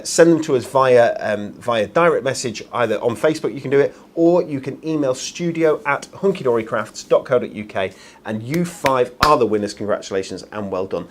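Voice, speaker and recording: A man hosting a live craft shopping show, chatty and self-deprecating, with plenty of ums. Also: medium pitch. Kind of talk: live shopping-channel presenting.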